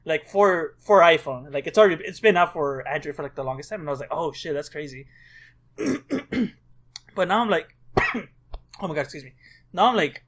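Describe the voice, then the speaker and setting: Male podcast co-host, higher-pitched, animated storyteller, swears freely, casual delivery. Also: fairly quick. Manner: excitable storyteller, swears a lot. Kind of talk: casual chat.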